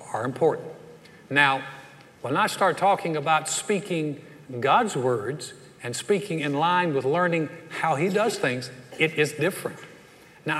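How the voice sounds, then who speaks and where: A middle-aged man from the Southern United States, preaching a sermon full of stories and acting out the people in them. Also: a little high. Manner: animated, acts out voices in anecdotes. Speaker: pastor. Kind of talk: sermon with storytelling. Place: church sanctuary. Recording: long hall reverb.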